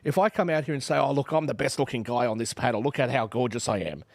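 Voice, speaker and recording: An Australian man in his forties, from Western Australia, hosts a panel discussion and argues his points with animated energy, slipping into little acted-out exchanges. He talks fast at a middle pitch, and his voice sounds dry and close to the mic. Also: creaky, no echo. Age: 40s. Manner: animated, argumentative, acts out quoted exchanges. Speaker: podcast host.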